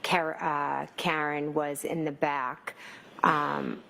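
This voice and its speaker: A woman's voice: deep voice, flat delivery, takes it slowly, vocal fry, pushed and bright, slight background noise, low-quality recording. A woman giving courtroom testimony as a witness, hesitant, with many fillers and restarts. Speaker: trial witness.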